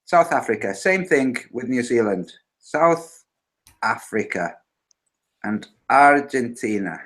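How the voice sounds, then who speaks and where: Slow, patient man explaining step by step. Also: medium pitch, very animated, a bit bright. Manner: patient step-by-step explaining with frequent self-corrections. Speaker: presenter. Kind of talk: live online video call discussion. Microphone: video call.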